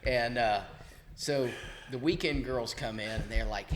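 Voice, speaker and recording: A man's voice: medium pitch, measured pace, noisy background. A man co-hosting a podcast, telling a work story in casual chat with lots of "right?" checks. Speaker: podcast co-host.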